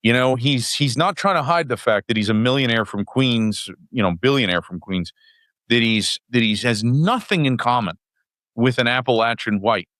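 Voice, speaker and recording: A middle-aged man from West Virginia, a podcast guest telling anecdotes in casual chat, crude and animated, acting out crowds as he goes. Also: mid-range voice, normal speed, dry recording, clean studio sound. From West Virginia, USA.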